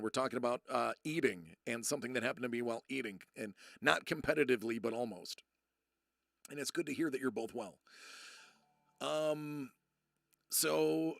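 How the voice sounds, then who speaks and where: A man's voice: mid-range voice, gravelly, a bit bright, no room sound, studio quality. A young man casually telling a rambling story to his live chat, restarting sentences as he goes.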